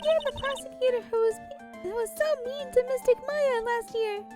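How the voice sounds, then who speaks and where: A squeaky little girl. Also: normal speed, loud music behind the voice. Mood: hurt, indignant. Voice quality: very high squeaky voice. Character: small girl spirit medium, timid and clingy. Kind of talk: reading game dialogue aloud.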